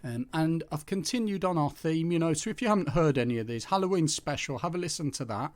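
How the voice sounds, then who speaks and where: Guy ribbing his cohost on a podcast, bit higher voice. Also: fast. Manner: teasing, chuckling. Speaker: podcast co-host. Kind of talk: casual chat.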